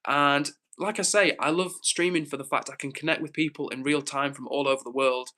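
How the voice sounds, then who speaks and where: Bright upbeat man. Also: on the high side, steady tone, a little fast. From England. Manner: upbeat and encouraging, addresses viewers by name. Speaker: livestream host. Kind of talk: casual livestream chat, reading out comments.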